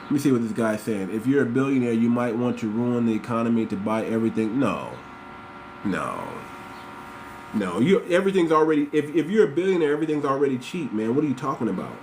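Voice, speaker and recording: A man's voice: mid-range voice, lively intonation, quick pace, a little mellow, slight background noise. A man hosting a podcast, giving blunt, repetitive commentary straight to his listeners. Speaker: podcast host. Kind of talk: casual commentary monologue.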